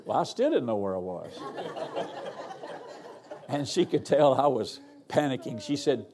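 A man's voice: mid-range voice, very animated, a little slow, long pauses, a little mellow. An older man, a guest pastor preaching a sermon in a folksy, humorous, storytelling way. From Arkansas. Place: church.

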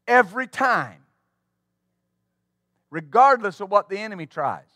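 A man preaches with fervor, his voice pitched high for a man. The sound is dry and close, with no room around it. He drives his points home and throws quick asides to the congregation. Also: big pitch swings, sharp tone, no echo. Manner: fervent preaching with call-and-response asides. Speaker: pastor. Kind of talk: sermon.

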